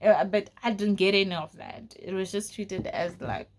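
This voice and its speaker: A young woman from South Africa telling a personal story in a casual vlog, full of fillers and often dropping to a low, quiet voice. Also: moderate pace, background noise. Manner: casual, frequent fillers like "like" and "you know". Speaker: vlogger.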